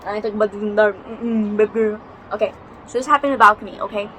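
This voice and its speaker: A woman's voice: mid-range voice, very fast, pushed and bright, a little hiss or hum, poor audio. A young woman vlogging at home, telling a ghost story in a chatty, dramatic way and swearing freely. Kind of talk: casual storytelling vlog. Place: home, near a balcony.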